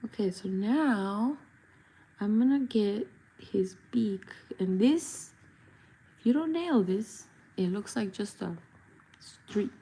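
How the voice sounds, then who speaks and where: Slow-talking mellow woman streamer. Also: mid-range voice, animated, husky. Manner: chatty, self-mocking, bursts into silly song. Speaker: face painter livestreaming. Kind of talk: casual livestream chat while painting.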